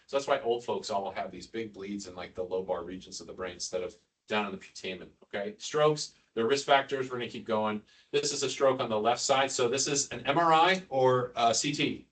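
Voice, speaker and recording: Recorded on a faraway mic with the audience murmuring, a man whose voice is low and a bit bright lectures nurses on neurosurgery in a relaxed, jokey style. He quizzes the room and drops in asides along the way.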